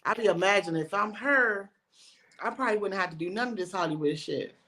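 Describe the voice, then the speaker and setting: Bright-voiced woman in her forties, bawdy. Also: medium pitch, brisk. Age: 40s. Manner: animated, bawdy storytelling with frequent laughter. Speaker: comedian guest. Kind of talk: casual interview chat.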